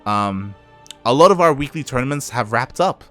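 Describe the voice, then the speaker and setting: A man's voice: mid-range voice, expressive, normal speed, bright, forceful tone, soft background music. A tired young man with an Australian accent that has a Latin American touch, chatting casually as an esports caster, rambling and correcting himself. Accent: Australian with Latin American influence. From Australia, Peruvian parents. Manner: rambling, self-correcting, chuckles often. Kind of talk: casual stream wrap-up chat.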